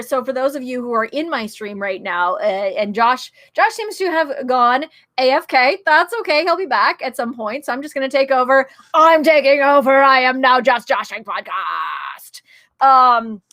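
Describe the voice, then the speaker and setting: A middle-aged woman, appearing as streamer and guest, chats casually on stream, bubbly and laughing often as she greets her viewers. Her voice is fairly high with a sharp tone.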